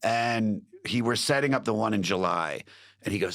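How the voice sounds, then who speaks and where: A man's voice: on the low side, normal speed, fairly bright tone. A man, a comedian, telling stories in a casual podcast chat, swearing freely and acting out what others said. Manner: swearing storyteller, acts out quotes. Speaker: comedian guest.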